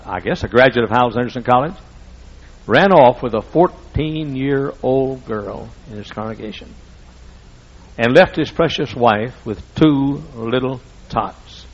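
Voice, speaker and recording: A pastor preaching to his congregation in a folksy, storytelling way, circling back and repeating his key words for emphasis. His voice sits at a middling pitch, and the recording sounds a little dull and muffled. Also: animated, unhurried. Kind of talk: sermon.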